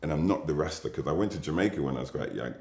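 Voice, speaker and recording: An English man being interviewed, talking in a measured, musing way with pauses and fillers. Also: very deep voice, expressive, a little mellow, echoey room. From England. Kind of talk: reflective interview talk.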